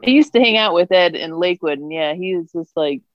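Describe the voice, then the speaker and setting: A man's voice: high-pitched, expressive, brisk, a little hiss or hum. A man co-hosting a podcast, reminiscing fondly in an easygoing casual chat. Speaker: podcast co-host. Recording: dull, muffled mic.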